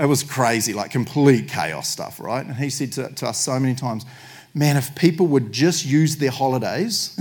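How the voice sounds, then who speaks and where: Brief: New man, pastor mid-sermon, mid-pitched, jokey and animated. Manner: jokey, animated, laughs often.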